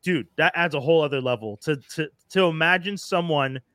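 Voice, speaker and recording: A man's voice: a little high, a little fast, noisy background. A man co-hosting a podcast, chatting casually and with enthusiasm about shows and actors. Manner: enthusiastic, talkative, slangy. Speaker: podcast co-host. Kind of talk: casual chat.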